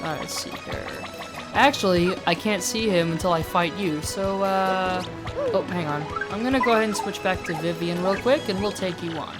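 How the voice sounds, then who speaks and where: A woman's voice: lowish voice, moderate pace. Rambling woman narrating a game. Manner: laughing, rambling, self-mocking. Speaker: let's-play host. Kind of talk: casual gameplay commentary. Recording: game music behind.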